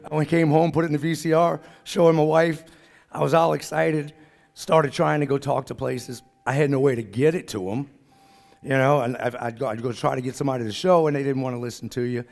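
A man's voice: medium pitch, fairly even intonation, a little fast, vocal fry, a little mellow. A middle-aged man from the New Orleans area with a New Orleans accent, telling a folksy story at a business talk and acting out the dialogue. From New Orleans area, Louisiana. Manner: folksy, acts out quoted dialogue. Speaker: speaker at a business summit.

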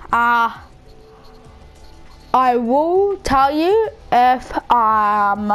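A woman giving rambling, excitable live commentary over her own gameplay, bursting into shouts now and then. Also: high-pitched, takes it slowly, soft background music. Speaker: gaming channel host.

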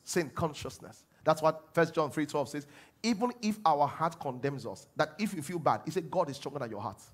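A man pastor with a Nigerian accent delivers an animated sermon. His voice sits high and swings widely in pitch. A husky, slightly rough tone runs through it as he moves between quiet mimicked prayers and loud calls to the congregation. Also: brisk.

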